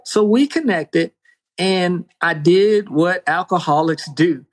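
A man giving a spoken faith testimony, emphatic, with big pitch swings and dramatic pauses. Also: animated. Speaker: guest sharing testimony.

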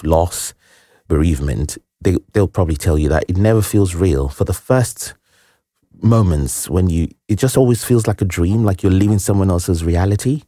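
This Nigerian man, a guest in an interview, shares a personal story in a very low, dark, mellow voice. He sounds earnest and reflective and often restarts his phrases, and the recording is close and dry with no echo.

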